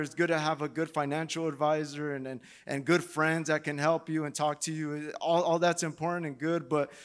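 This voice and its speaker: A man preaching a sermon, talking with many repeated restarts and growing emotional and pleading. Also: high-pitched. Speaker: lay preacher.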